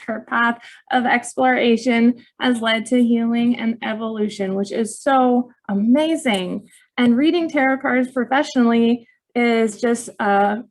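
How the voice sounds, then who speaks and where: A woman's voice: fairly high pitch, darkish tone. A woman from Pittsburgh hosting a talk show, chatting casually and laughing easily. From Pittsburgh, USA. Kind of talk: casual chat interview.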